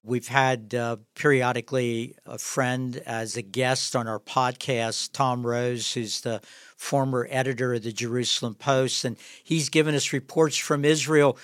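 A middle-aged man hosting a podcast, speaking in a measured, conversational way. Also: mid-range voice, steady tone, fairly bright tone, clear, resonant tone, no room sound, studio quality. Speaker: podcast host. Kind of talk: interview talk.

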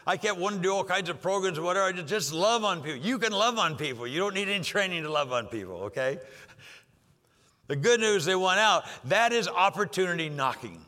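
An older man preaching a sermon, emphatic and repetitive, pushing some lines loud and dropping others low for effect. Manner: emphatic, rising and dropping for effect, repeats phrases. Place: church sanctuary. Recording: long hall reverb.

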